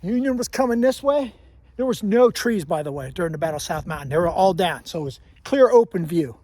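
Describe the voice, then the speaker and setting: Guy with a high voice vlogging outside on a hike, rambly history talk, restarts a lot. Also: expressive, fairly quick, darkish tone. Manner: rambling, self-correcting storyteller. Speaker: hiking vlogger. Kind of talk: casual walking history talk. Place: outdoors on a mountain trail.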